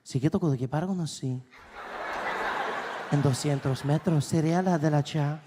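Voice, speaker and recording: A man voicing a calm female Spanish-speaking GPS device, giving smooth navigation prompts. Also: fairly high pitch, fairly quick, background noise, natural voice. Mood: guiding.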